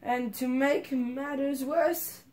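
A woman's voice: high voice, fairly even intonation, takes it slowly, a little mellow, soft background music, pitched above the performer's own voice. A woman voicing a timid male hat spirit from a video game, who talks hesitantly and stammers as he apologizes.

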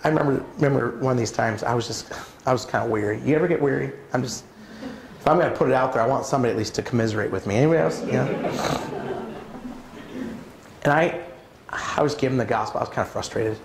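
A man's voice: mid-range voice, fast talker, gravelly, pauses often, background noise. Conversational man preaching in an echoey hall. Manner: conversational, asks the audience questions. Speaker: pastor. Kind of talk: conference talk. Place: church hall.

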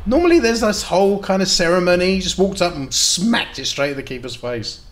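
A man giving casual, excitable commentary while playing a football management game, dropping to mutters and jumping to loud outbursts. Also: high-pitched, fairly quick, few pauses, a little hiss or hum. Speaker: gaming video host.

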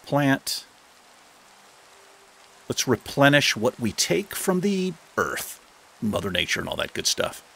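A man casually narrating his own game as he plays, chatting to the animals and now and then jumping into high, excited bursts. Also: slow pace, vocal fry, pauses often, husky. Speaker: gaming host. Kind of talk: casual let's play commentary.

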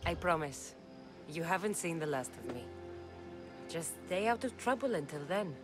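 A calm young mercenary. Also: female voice, lowish voice, moderate pace. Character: young adult female Greek mercenary, calm, steady. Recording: game cutscene with music. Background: game score.

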